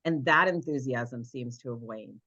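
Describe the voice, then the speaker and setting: A woman's voice: very deep voice, moderate pace. A woman hosting a podcast, chatting in an affirming way and using lots of "like"s. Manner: warm, affirming, chatty with many "like"s. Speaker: podcast host. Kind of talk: casual interview conversation. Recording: slightly dull lo-fi audio.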